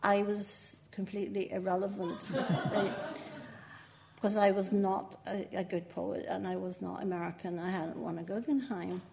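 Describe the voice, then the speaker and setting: An older poet with a Northern Irish accent speaks at normal speed in a mid-range, creaky voice with fairly even intonation, over background noise. She's the guest in a conversational interview, chatting easily, laughing often and making self-mocking comments.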